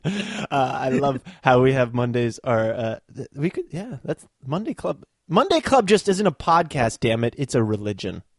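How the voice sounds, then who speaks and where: A man's voice: medium pitch, very animated, moderate pace, no echo, studio quality. A man co-hosting a podcast in casual chat, joking and playful, swearing now and then. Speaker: podcast co-host, magician.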